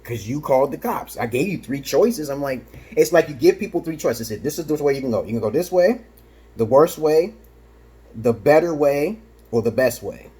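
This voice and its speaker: Man from Brooklyn, husky voice, swooping lively pitch, boastful profane vlog rant. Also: moderate pace. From Brooklyn, New York. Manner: peppers talk with "okay?". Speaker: vlogger. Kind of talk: rambling casual monologue.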